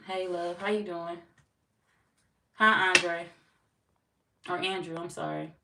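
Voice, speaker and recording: A woman's voice: fairly low pitch, steady tone, takes it slowly, creaky. Laid-back woman chatting far from the mic. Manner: laid-back, teasing, laughs often, slangy. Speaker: tarot livestream host. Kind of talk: casual livestream chat reading comments. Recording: roomy echo, off-mic, faint noise.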